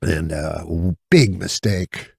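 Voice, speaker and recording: Male comedian guest, very low and gravelly, rambling anecdotes, dry close sound. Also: slow, no room sound. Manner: rambling anecdotes with many fillers and acted-out quotes. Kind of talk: casual talk-show storytelling.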